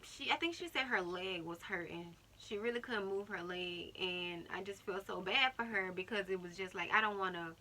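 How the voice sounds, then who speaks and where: A woman's voice: mid-range voice, normal speed, few pauses. A young woman telling a personal story in a casual vlog, acting out what other people said. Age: young adult. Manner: animated retelling, acting out other people's words. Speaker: vlogger.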